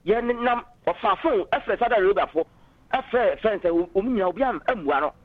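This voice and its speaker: A man's voice: sits high, animated, a little fast, no room sound. A man calling in to a political radio talk show, arguing passionately and switching into English phrases, heard over a dull phone line. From Ghana.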